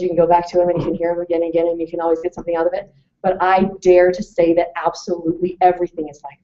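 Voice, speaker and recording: A woman presenting a lively talk to a live audience, telling stories and asking questions. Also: on the low side. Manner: animated storytelling, asks the audience questions. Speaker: webinar presenter. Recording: distant mic, muffled lo-fi sound.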